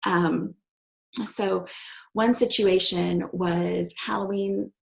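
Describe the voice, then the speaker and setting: A middle-aged woman, a guest and adoptive mother, telling a personal story softly and sometimes dropping to a hushed near-whisper. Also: medium pitch, steady tone, very slow, gravelly, poor audio. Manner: soft-spoken, drops to a hushed near-whisper when quoting.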